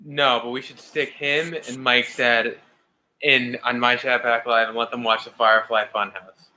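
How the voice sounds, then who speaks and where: A man's voice: medium pitch, little pitch movement, normal speed, bright, forceful tone, slight background noise, rough recording. A man co-hosting a casual chat, a jokey storyteller. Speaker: co-host.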